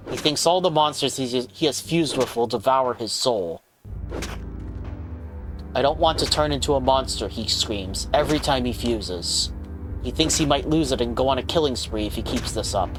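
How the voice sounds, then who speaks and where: A cruel, contemptuous spirit posing as a scornful father, as a man puts it on. It sneers through its lines at a middle pitch. Game music plays clearly behind. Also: lively intonation, normal speed, close to an everyday voice. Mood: sneering.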